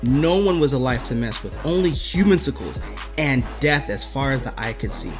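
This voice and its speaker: A man's voice: medium pitch, animated, normal speed, music in the background, close to an everyday voice. A man voicing a sardonic, mischievous outcast male demon in a comic recap, speaking in a theatrical, mocking way. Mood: wry.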